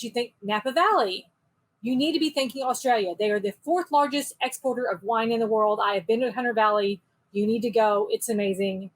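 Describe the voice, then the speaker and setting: A woman co-host delivers a short, light segment, bubbly and joking throughout. Her voice sits high for a woman. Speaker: podcast co-host. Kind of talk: casual segment presenting.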